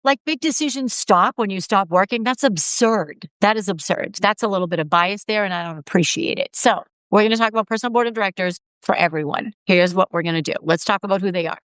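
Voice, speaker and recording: A middle-aged woman hosting a solo podcast, telling stories in a chatty, emphatic way with quick asides. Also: mid-range voice, a bit bright, clear, resonant tone, dry recording. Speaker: podcast host.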